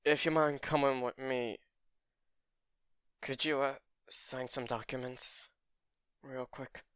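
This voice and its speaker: A man voicing a calm adult male hospital doctor who speaks softly and hesitantly. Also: mid-range voice, takes it slowly, clean tone, no room sound, clean studio sound. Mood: sombre. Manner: hesitant, soft and apologetic.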